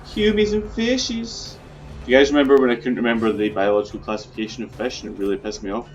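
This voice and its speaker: A man's voice: lowish voice, rapid-fire, muffled recording, soft background music. A man casually commenting on his own gameplay, chatty, swearing freely and talking through his plans. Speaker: video game let's player.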